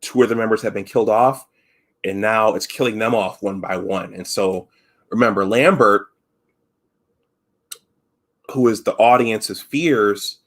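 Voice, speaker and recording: A man's voice: lowish voice, a little slow, long pauses. A man hosting a casual live stream, retelling film scenes with frequent restarts and acted-out quotes. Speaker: host.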